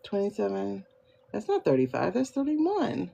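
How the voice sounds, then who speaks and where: With a mid-range voice that swoops wildly in pitch, she speaks at a moderate pace, gravelly, husky, and dark in tone. Over a phone livestream she hosts a tarot reading as a tarot and pendulum reader, musing aloud, chatting with viewers by name, and answering her own questions.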